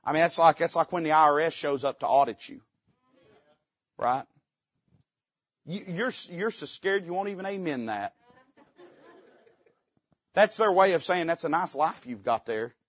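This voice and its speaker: Folksy preacher, slightly high voice. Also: male voice, animated, unhurried, long pauses, no room sound, highs cut off. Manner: folksy, joking preaching with loud emphatic rises. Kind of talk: sermon.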